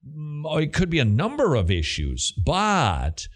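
A man's voice: fairly high pitch, huge pitch swings, unhurried. A middle-aged man with a Southern American accent, hosting a Christian question-and-answer radio show with an emphatic, preacherly delivery.

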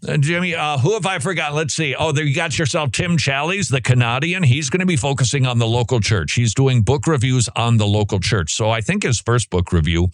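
A man's voice: mid-range voice, a little fast, hardly any pauses, no echo, clean studio sound. A man hosting a Christian radio show, talking casually and rambling, with asides to his co-host and appeals to listeners.

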